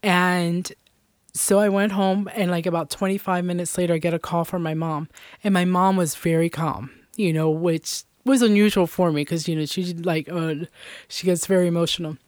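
A woman's voice: fairly low pitch, steady tone, normal speed, darkish tone, dry recording, studio quality. Earnest woman telling her life story. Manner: earnest, many fillers like "you know" and "um". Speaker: interview guest. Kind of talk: personal testimony in an interview.

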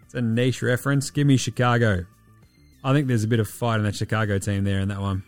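A man's voice: fairly low pitch, flat delivery, fast talker, soft background music. Sweary, laid-back Australian man with a tired voice. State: voice tired, giving out. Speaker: podcast host. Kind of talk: casual sports podcast picks.

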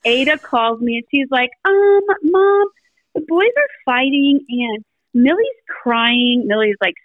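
Middle-aged woman, podcast guest, storytelling chat, higher voice, muffled lo-fi audio. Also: a little slow, no room sound. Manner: animated storyteller acting out family dialogue.

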